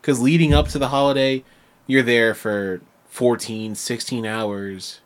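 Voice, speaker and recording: Animated storytelling man, casual chat. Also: unhurried. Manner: animated storyteller, acts out customers in a high put-on voice. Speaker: podcast co-host.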